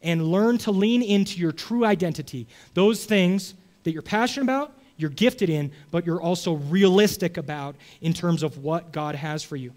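High voiced guy preaching, chatty, keeps saying okay? right?, gets emphatic. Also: moderate pace, hardly any pauses, darkish tone. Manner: conversational, checks in with "okay?" and "right?". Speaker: pastor. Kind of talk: sermon.

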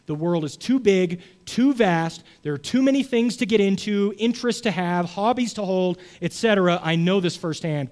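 A high-voiced man preaching a sermon. He talks conversationally and keeps checking in with his listeners. He swings between loud, emphatic stretches and quiet asides. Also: expressive, moderate pace, few pauses. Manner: conversational, checks in with "okay?" and "right?". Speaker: pastor.

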